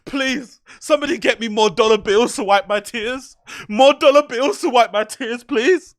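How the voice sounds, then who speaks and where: A man putting on the voice of a whiny, self-pitying rich male podcaster, talking softly in a simpering, mock-tearful way. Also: very high voice, normal speed. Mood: mock weepy. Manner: soft, simpering, mock crying.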